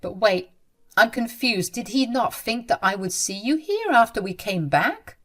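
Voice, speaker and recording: A woman's voice: mid-range voice, sing-song, unhurried, a bit bright. A woman voicing a caring young bride who speaks in an urgent, emphatic way. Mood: concerned, indignant.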